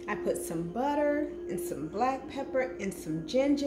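A woman's voice: medium pitch, lively intonation, unhurried, music in the background. Chatty woman vlogging from an echoey kitchen. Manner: chatty, affectionate, calls viewers hunty. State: talking with food in her mouth. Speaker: cooking vlogger. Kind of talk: casual chat to camera. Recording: echoey room with faint noise.

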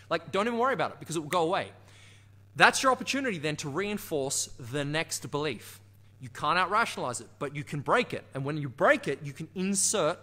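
A man with an Australian accent, a dance teacher and channel host, giving an energetic, emphatic motivational talk to camera. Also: a little high. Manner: energetic, emphatic, laughs and acts out inner voices.

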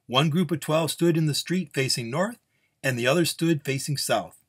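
A man reading a Western story aloud in an unhurried, relaxed way. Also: fairly high pitch, husky. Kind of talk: storytelling narration.

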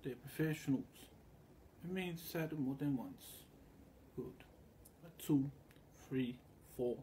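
Mellow-voiced man in a rambling monologue. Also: medium pitch, slow pace, a little hiss or hum. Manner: loose, meandering storytelling with quoted voices.

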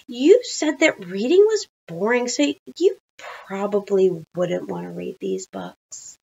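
A woman's voice: medium pitch, animated, takes it slowly, creaky, dark tone, husky, muffled recording, full character voice. A woman voicing a sly schoolteacher from a storybook, dry and teasing.

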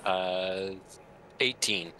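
A man speaking as a player in a tabletop game, slow and laid-back. His voice is rather low and bright, with a faint noise behind it. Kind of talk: casual tabletop game play.

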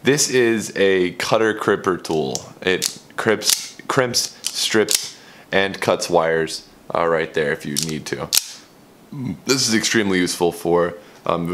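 Male vlog host, very low voice, candid and rambling, home-studio tutorial, faint background hiss. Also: a bit bright. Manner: candid, rambling, self-correcting. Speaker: channel host. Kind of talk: casual DIY tutorial vlog.

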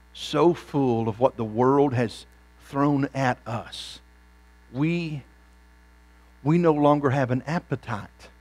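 A man preaching a revival sermon in a church, folksy and humorous, climbing from low, conversational lines into loud, fervent peaks. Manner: folksy, rising to fervent shouts then dropping low. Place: church sanctuary.

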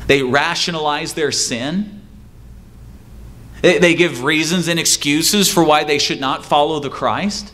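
A pastor preaching a sermon, driving home points with repetition and rhetorical questions, sometimes mimicking excuse-makers. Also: male voice, animated, fairly bright tone. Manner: acts out excuse-makers in a higher, quicker voice.

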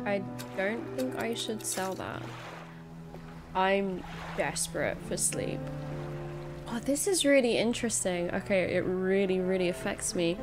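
A woman's voice: medium pitch, expressive, measured pace, over music. A woman streaming a spooky fishing game, reacting nervously and talking herself through each scare. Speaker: gaming streamer. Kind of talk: let's play commentary.

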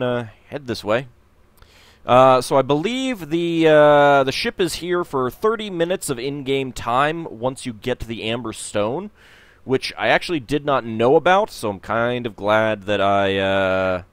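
A man's voice: mid-range voice, expressive, measured pace, no room sound. A man hosting a casual let's play, rambling and hesitant as he comments on the game. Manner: rambling, hesitant, lots of fillers.

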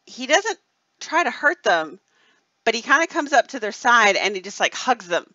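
Chatty woman on a livestream, rambly, keeps saying okay?, tense bright voice, dull dry lo-fi audio. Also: on the high side, sing-song, moderate pace, no echo. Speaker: live stream host. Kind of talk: casual chat, reading viewer comments.

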